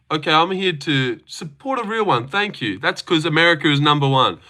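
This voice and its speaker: A young Australian man chatting on his livestream. His voice is bright and fairly high for a man, with a lively, bouncing delivery. He jokes around and swears freely as he reads chat aloud. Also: brisk, hardly any pauses. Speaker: streamer host.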